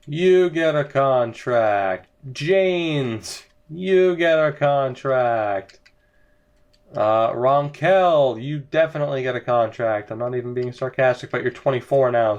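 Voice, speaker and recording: A young man narrates his video game session with weary sarcasm, drifting from one grumble to the next. He talks at a slow, drawn-out pace in a voice of middling pitch. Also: highs cut off. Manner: exasperated, sarcastic, rambling. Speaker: gaming video creator. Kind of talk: let's-play commentary.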